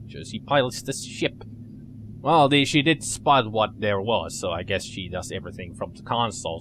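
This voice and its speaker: A man's voice: lowish voice, a bit bright, slight background noise. A man giving chatty, joking let's play commentary as he plays a game. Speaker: gamer commentator.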